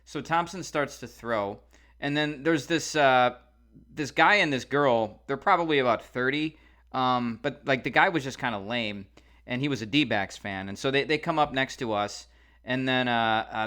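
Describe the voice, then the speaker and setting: A man co-hosting a podcast tells a rambling, casual story full of fillers and restarts. His mid-range voice moves at normal speed and sounds pushed and bright.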